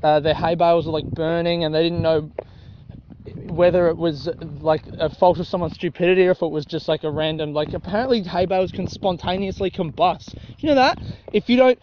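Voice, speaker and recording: A man's voice: fairly high pitch, fairly even intonation, a little fast. A young Australian man chatting casually while walking along a grassy rural track, swearing often and laughing at his own jokes. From South Australia. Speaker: vlogger. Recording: dull lo-fi audio with faint noise.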